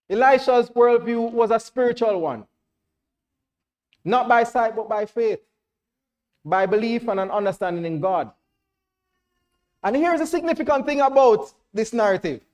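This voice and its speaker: A Jamaican man with a high-pitched voice preaches to a church congregation, checking that everyone is following along and building to loud, emphatic declarations.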